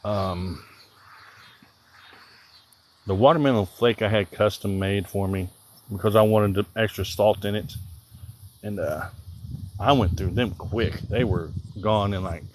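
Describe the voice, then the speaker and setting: A man with a mild Southern accent talks in a low, easygoing voice and rambles casually while he fishes. He thinks aloud and answers viewers on a live stream outdoors. Crickets chirp faintly in the background. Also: measured pace, long pauses, a little mellow. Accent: Southern American. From Southern Illinois. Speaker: livestreaming angler. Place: outdoors by the water.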